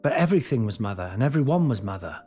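A man in his forties rambles through a comic podcast monologue, giggling at himself. His pitch swings widely as he goes, and faint music plays beneath him. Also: fast talker, husky. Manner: self-mocking, giggly, lively swings in pitch. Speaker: podcast host, comedian.

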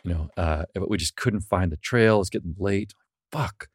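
A man's voice: sits low, normal speed, no echo, studio quality. A man hosting a podcast, telling loose stories in casual talk and swearing now and then. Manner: loose storytelling, swears, laughs easily. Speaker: podcast host. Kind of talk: casual chat.

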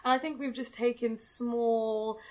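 A woman's voice: a little high, steady tone, a little slow. A woman, an actress, earnestly explaining how she approaches her character. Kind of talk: casual interview.

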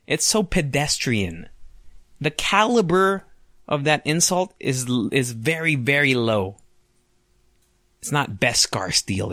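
Animated, profane young podcast host. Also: male voice, on the high side, no room sound, studio quality. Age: 20s. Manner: casual, profane, self-mocking, laughs often. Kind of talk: solo podcast monologue.

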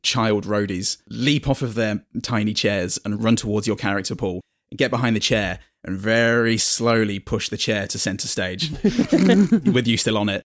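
A man's voice: on the low side, unhurried, no echo, studio quality. A man narrating a tabletop role-playing game as game master, telling the story in a playful, wry way.

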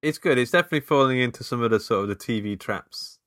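A man's voice: medium pitch, quick pace, a bit bright, dry recording, clean studio sound. A man co-hosting a podcast in casual chat, laid-back and hesitant. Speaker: podcast co-host.

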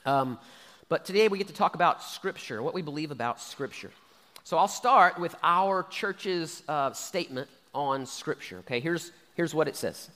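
High-voiced man preaching with a hall echo. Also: lively intonation, moderate pace, a bit bright. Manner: conversational, frequent "okay?" and "right?" check-ins. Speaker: pastor. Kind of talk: sermon. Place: church sanctuary.

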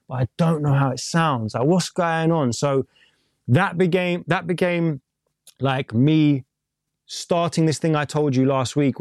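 A man's voice: a little high, a little mellow, no room sound, studio quality. A man from England with a London accent, chatting candidly and rambling in a casual interview as a music engineer, swearing casually as he talks. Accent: London English. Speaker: music producer and mix engineer.

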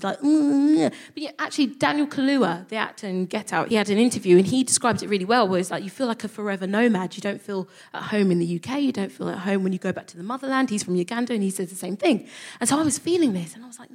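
Husky woman telling a comic story. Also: mid-range voice, fast. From England. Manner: animated, swearing, acts out voices, laughs at own jokes. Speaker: comedy podcast co-host. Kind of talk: live stand-up storytelling before an audience. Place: live theatre stage.

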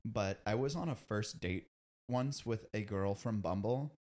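A man hosts a podcast in a relaxed, chatty way, spinning stories and laughing often. His voice is fairly low, slightly mellow, and unhurried.

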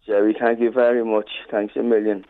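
An Irish man calling in to a radio show, shaken and halting as he speaks. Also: lowish voice, little pitch movement, no echo. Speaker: caller. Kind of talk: phone interview. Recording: tinny phone line.

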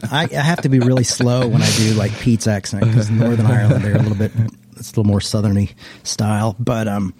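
A man's voice: on the low side, fairly even intonation, quick pace, darkish tone, husky. A man, a former pastor, reflectively telling his life story in a casual interview, meandering and often restarting his sentences.

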